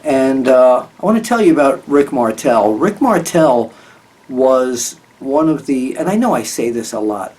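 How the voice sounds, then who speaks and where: A man hosts a relaxed talk segment in a mid-range voice, rambling and chatty, often pausing on fillers and restarting his sentences. He sits a bit back from the microphone, so his voice sounds slightly distant. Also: medium pitch. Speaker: host. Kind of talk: casual chat. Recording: voice a bit far from the mic.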